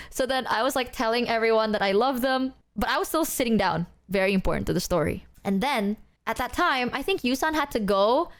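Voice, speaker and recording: A streamer woman from Southeast Asia tells a story to her chat in a relaxed, casual way. Her voice sits somewhat high, and she fills her talk with "like" while she acts out what people said. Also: a little fast, hardly any pauses. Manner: chatty, fillers of "like", acts out quotes.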